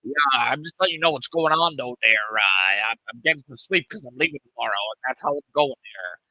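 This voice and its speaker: A man imitating a sleepy, gruff man who mumbles and brushes off a caller. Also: animated, quick pace, bright, forceful tone, no room sound, exaggerated voice, poor audio. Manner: low, mumbling, half-asleep.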